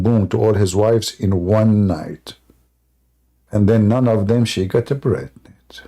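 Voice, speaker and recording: A man's voice: on the low side, takes it slowly, warm tone. A man hosting a live debate show, talking sarcastically and joking in non-native English, laughing at his own jokes. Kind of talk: mocking live debate monologue.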